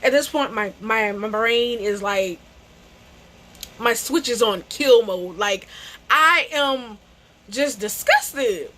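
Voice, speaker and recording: A woman's voice: on the high side, lively intonation, takes it slowly, a bit bright. A young adult woman telling a storytime to camera, emphatic and slangy, repeating phrases and calling people bro. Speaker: vlogger. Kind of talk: animated storytime.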